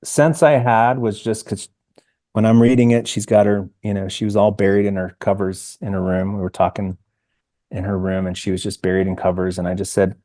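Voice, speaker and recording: A man around fifty, a singer-songwriter guest on a podcast, talking earnestly and haltingly about parenting, with many restarts and fillers. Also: lowish voice, little pitch movement, mellow, dry recording. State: emotional, near tears. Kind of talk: reflective interview conversation.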